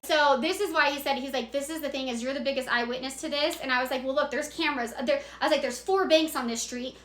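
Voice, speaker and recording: A young woman telling a dramatic story in a casual, excitable way, swearing freely and acting out the moments. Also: high-pitched, fast talker, a little hiss or hum. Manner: excitable, profane, dramatic retelling. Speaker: storyteller vlogger. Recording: echoey room.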